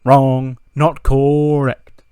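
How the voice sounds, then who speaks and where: A man's voice: fairly low pitch, steady tone, quick pace, darkish tone, no room sound, natural voice. A man doing a smug bragging champion.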